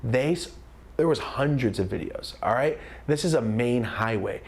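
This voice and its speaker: A young man in his twenties, a comedian, telling a story with lots of energy, sometimes shouting out lines. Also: mid-range voice, moderate pace, creaky. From California. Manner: animated, screams and shouts quoted lines.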